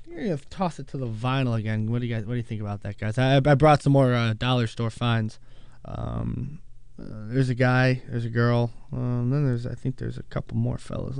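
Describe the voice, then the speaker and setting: A man's voice: mid-range voice, gravelly, a little mellow, clear, resonant tone, dry recording. A man hosting a show in a casual, rambling monologue full of fillers and asides. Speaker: host.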